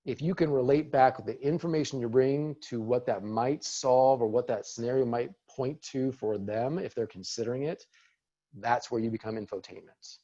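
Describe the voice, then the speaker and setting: Speaking to attendees in a chat, this man runs an upbeat, encouraging webinar about using video in business, drawing on his role as a real estate team leader. His mid-range voice is mellow at a moderate pace, and the audio sounds muffled.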